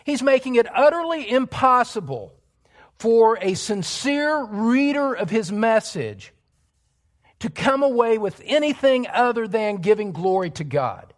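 A male pastor preaching an expository sermon in a church, emphatic, dropping to hushed asides and rising to loud exclamations. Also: very high-pitched, big pitch swings, unhurried.

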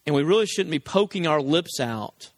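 Casting: high-pitched male preacher, animated storyteller, big vocal swings. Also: moderate pace, no echo. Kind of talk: sermon.

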